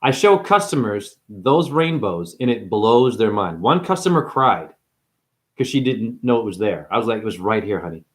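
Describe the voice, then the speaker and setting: A man ranting to camera in an improvised, preachy monologue, swearing freely, firing off rhetorical questions and slowing down hard to hammer points home. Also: mid-range voice, sing-song. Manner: profane, emphatic, rhetorical questions; slows down hard for emphasis. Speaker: spiritual vlogger and store owner.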